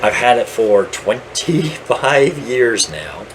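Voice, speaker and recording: A middle-aged man chatting casually as a podcast co-host, telling rambling stories and getting animated when he quotes other people. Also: mid-range voice, takes it slowly, slight background noise, rough recording. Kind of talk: casual chat.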